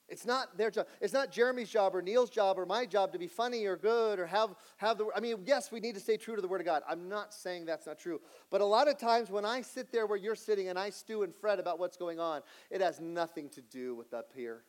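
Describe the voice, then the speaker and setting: Male pastor, earnest sermon delivery, voice slightly high for a man. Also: a little fast. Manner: earnest, shifts between lively asides and hushed emphasis.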